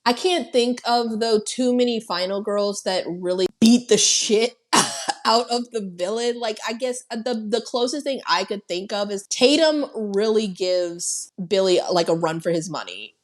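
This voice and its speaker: A woman co-hosting a podcast, retelling a film scene in an animated, profane way. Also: medium pitch, a little slow. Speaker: podcast co-host. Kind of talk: casual film discussion.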